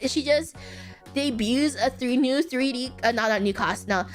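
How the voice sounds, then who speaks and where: A woman's voice: high voice, moderate pace, soft background music. A woman streamer in casual chat who rambles, giggles and keeps correcting herself mid-sentence.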